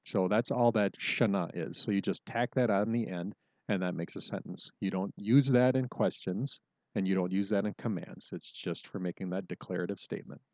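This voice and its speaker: Low-voiced man hosting a language lesson. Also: moderate pace, darkish tone, no room sound, lo-fi sound. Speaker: language podcast host. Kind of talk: casual spoken language lesson.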